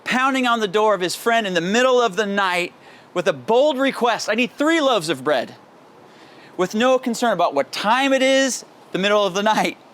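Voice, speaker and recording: A man's voice: high-pitched, moderate pace, fairly bright tone. A male pastor giving a daily devotional sermon in an earnest, candid and personal way, with pleading, emphatic repetition.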